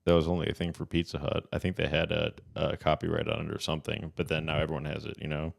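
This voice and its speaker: Male podcast co-host, extremely low voice, rambling jokey banter. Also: completely flat delivery, quick pace, gravelly. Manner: rambling, jokey, frequent restarts. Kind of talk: casual comedy chat.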